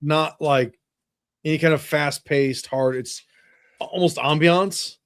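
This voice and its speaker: Profane, animated co-host man, dry sound. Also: fairly high pitch, slow, clear, resonant tone, no echo. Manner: animated, profane, tumbling phrases. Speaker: podcast co-host. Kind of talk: casual chat.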